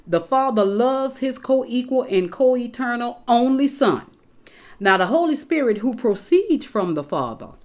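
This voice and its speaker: A woman preaching to her congregation in an animated, conversational way. She reads scripture aloud and breaks off to explain it. Her voice sits at an ordinary middle pitch for a woman. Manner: animated, addresses congregation directly, casual asides. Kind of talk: sermon with scripture reading.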